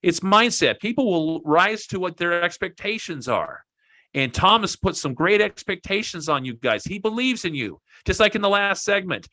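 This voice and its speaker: Motivational speaker, male: bright, forceful voice, dry close sound, punchy and emphatic. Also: high voice, very animated, normal speed, no echo. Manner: emphatic, repeats key phrases, jokes with listeners. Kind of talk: motivational talk to an online group.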